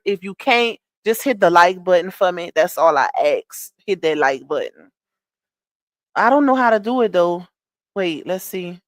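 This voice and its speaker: A woman's voice: lowish voice, no echo. A woman hosting a live stream, chatting and giving gossip commentary while greeting her viewers by name.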